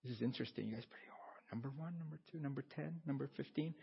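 A man's voice: mid-range voice, rapid-fire, gravelly, slight background noise. A man preaching a casual, conversational sermon, repeating himself and asking his congregation questions. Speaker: pastor. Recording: dull sound with long hall reverb.

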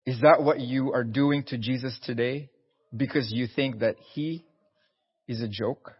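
Earnest, husky male preacher. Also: medium pitch, steady tone, measured pace, big-room sound, lo-fi sound. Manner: earnest, pleading, repeats his words. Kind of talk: sermon.

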